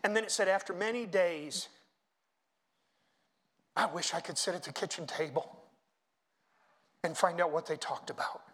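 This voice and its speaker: Middle-aged male pastor, high voice, preaching in church with big swings between quiet and loud. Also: normal speed, pauses often, breathy edge. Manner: preaching with swings from hushed to loud, chanting hymn lines. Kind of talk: sermon.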